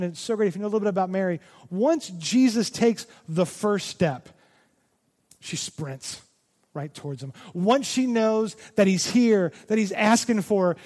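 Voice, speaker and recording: A male pastor delivers a heartfelt sermon with a rather high-pitched voice. He pushes some phrases out with force and drops others to a hush. His words ring out with a long echo through a large church sanctuary. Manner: impassioned, swinging from loud emphasis to hushed near-whispers. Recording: long reverb of a large hall.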